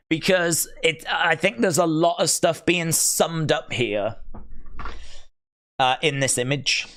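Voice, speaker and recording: A man's voice: on the high side, fairly bright tone, smooth. A man hosting a live stream, chatting casually with viewers, musing aloud with dry, rambling asides.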